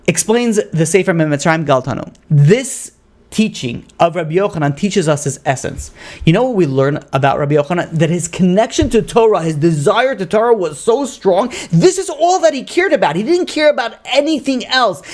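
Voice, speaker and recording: A man, a rabbi, teaching a lively Torah class, asking rhetorical questions and acting out story dialogue with Hebrew terms mixed in. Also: on the high side. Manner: sprinkles Hebrew and Aramaic learning terms. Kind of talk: lively lecture.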